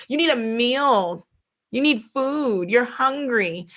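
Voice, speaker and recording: A woman teaching a Bible lesson in an animated sermon style, acting out quoted voices and repeating phrases for emphasis, with speech. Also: on the high side, slow pace.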